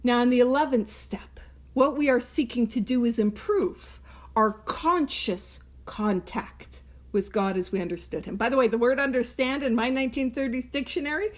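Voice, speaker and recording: A woman's voice: on the high side, moderate pace. A woman leading an online recovery book study, reading passages and explaining them in a chatty, self-mocking way with tangents. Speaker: Big Book study leader.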